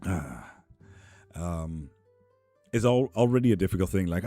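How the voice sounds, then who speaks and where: A young man chatting casually on a live stream, reading viewer comments, relaxed, swearing freely and cheering people on, a little ill and foggy. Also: deep voice, moderate pace, no room sound, faint music behind. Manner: laid-back, swears freely, upbeat cheering. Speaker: live tarot and spell streamer.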